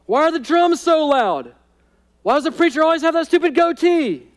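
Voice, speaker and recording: A man's voice: very high voice, lively intonation, normal speed, pitched above the performer's own voice. A man voicing a self-pitying churchgoer who whines and questions everything. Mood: whiny. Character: whiny complaining churchgoer man.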